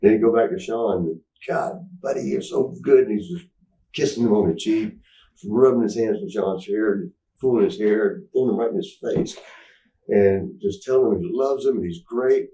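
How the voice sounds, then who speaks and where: A former wrestler as an interview guest, telling candid stories in a rambling, halting way full of fillers and restarts. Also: male voice, fairly low pitch, dark tone. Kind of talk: candid anecdotal storytelling. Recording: roomy sound, mic at a distance.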